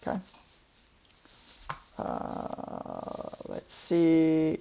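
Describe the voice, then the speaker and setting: Tutorial instructor, gravelly mid-pitched voice, talks through each step aloud with eager repeated praise. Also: unhurried. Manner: enthusiastic, repeats words for emphasis; thinks aloud while working. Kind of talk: step-by-step screen tutorial narration.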